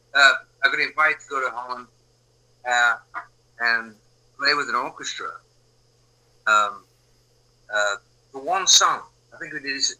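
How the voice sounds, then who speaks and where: An older man from England, a musician answering interview questions in a relaxed, rambling way, full of fillers and restarts. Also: medium pitch, rough recording. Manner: rambling, frequent fillers and restarts, drops to quiet asides. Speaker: musician guest.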